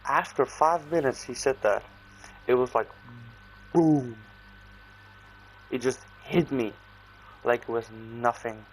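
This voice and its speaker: A man's voice: mid-range voice, a little hiss or hum, poor audio. Young man rambling through a story. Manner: rambling and casual, with slang and frequent restarts; acts out his own and others' lines in quick bursts. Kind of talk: casual story time.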